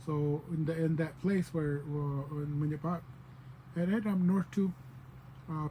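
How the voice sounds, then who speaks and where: A man's voice: fairly high pitch, level tone, a little slow, warm tone, a little hiss or hum, rough recording. A man giving a casual spoken language lesson, patiently explaining and repeating example words. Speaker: language teacher.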